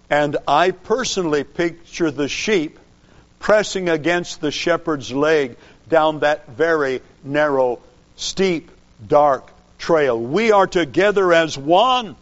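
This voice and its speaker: A man preaching a sermon in a slow, deliberate way, pausing to stress single words. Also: on the high side, muffled recording.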